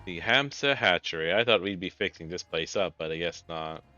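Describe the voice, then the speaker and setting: Gamer guy, lively bright voice, wry and chatty, slightly muffled with faint game music. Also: low-pitched, fairly quick. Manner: wry, chatty, self-mocking. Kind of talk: casual let's play commentary.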